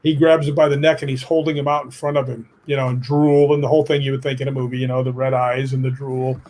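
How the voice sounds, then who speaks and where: Talking fast in a medium-pitched voice, this middle-aged interviewee spins stories with plenty of emphasis and casual cursing, acting out the lines of the people involved. A faint hiss or hum sits under the recording.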